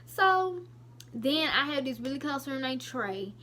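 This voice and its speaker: Chatty young woman, slightly high voice. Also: measured pace. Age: late teens. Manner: chatty, animated retelling with lots of "I was like". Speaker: vlogger. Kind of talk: casual storytelling to camera.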